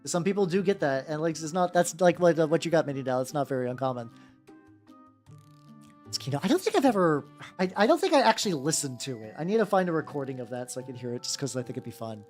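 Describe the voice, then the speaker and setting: A man's voice: on the high side, lively intonation, fast, a little mellow. Male streamer in his 30s, rambling casual chat, cusses freely, music faintly behind. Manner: rambling, swearing, slipping into goofy voices. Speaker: VTuber streamer. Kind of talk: casual chat while painting miniatures.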